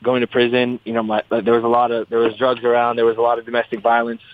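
A man's voice: mid-range voice, monotone, fast talker, no echo. A young man, a fighter, talking in a casual interview, rambling, repeating his words and swearing freely. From US West Coast. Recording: tinny phone-like line.

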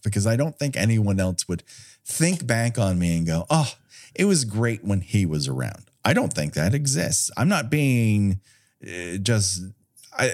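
A low-voiced man co-hosts a casual movie chat, his pitch swinging widely as he riffs. He is sarcastic and profane, and he slips into mocking little voices to quote people. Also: darkish tone. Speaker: podcast co-host.

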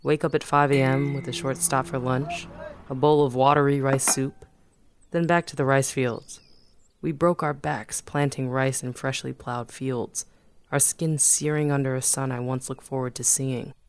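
A man narrates a first-person memoir at a middle pitch. His reading is measured and even, with no notable strain or hurry. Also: a little hiss or hum.

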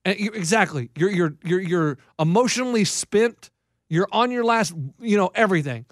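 A man's voice: sits high, normal speed, no echo, studio quality. A young man, a regular host, telling exasperated stories in casual chat. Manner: animated storyteller, exasperated rants. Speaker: show host telling a story.

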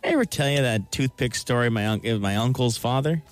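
A man's voice: mid-range voice, fast, clean tone, faint music behind. A man co-hosting a radio show, chuckling as he tells a family anecdote in casual banter.

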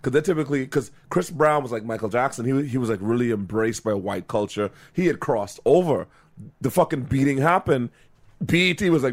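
A man co-hosting a podcast in casual chat, an animated storyteller who laughs often and acts out quotes. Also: mid-range voice, a little fast. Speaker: podcast co-host.

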